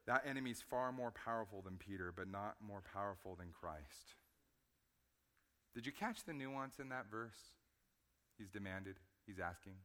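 A man preaching a sermon, moving between hushed low stretches and loud emphatic points, often repeating words as he stresses them. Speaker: pastor.

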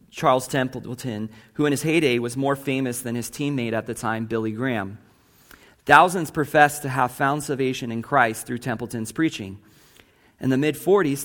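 A man's voice: medium pitch, a bit bright. Earnest male pastor preaching a sermon. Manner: earnest preaching that reads long quotations aloud; asks the congregation rhetorical questions.

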